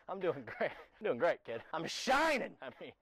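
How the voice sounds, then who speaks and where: A man voicing a creepy, unhinged skater who lives behind a dumpster, switching between wheedling and shouted threats, in a comedy sketch. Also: a little high, huge pitch swings, measured pace, no room sound, full character voice. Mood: rambling. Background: background music.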